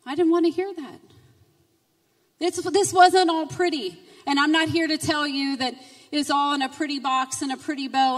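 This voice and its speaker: A middle-aged woman giving an emotional personal testimony at a church conference, moving from quiet storytelling to loud, fervent preaching. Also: high-pitched. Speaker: conference speaker. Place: church sanctuary. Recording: reverberant hall, distant mic.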